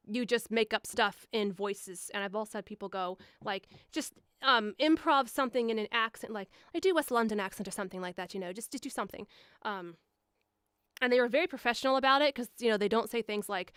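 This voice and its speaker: A young woman voice actor chatting on a live stream, rambling casually with lots of fillers and bursting into higher voices to act out quoted lines. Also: a little fast, a bit bright, smooth, no echo, studio quality. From Milwaukee area. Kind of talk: casual live-stream chat answering viewers. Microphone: studio mic, a foot away.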